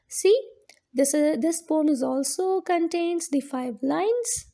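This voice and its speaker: A woman teacher explains a lesson at an unhurried pace. Her voice sits high and mellow, and she goes step by step, circling back to repeat her points. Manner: slow, explaining step by step with repetitions. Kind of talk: classroom lesson on limericks.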